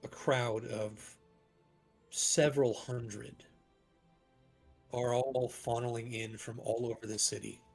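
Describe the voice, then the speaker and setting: A man running a tabletop game, narrating the scene at a slow, halting pace in a gravelly voice. Soft music sits under the narration. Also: mid-range voice, flat delivery. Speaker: game master.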